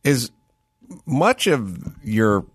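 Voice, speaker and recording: A man's voice: mid-range voice, very animated, drawn-out words, husky, no echo, studio quality. A man hosting a casual talk show, riffing in a rambling, conversational way. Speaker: podcast host. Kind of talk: casual chat.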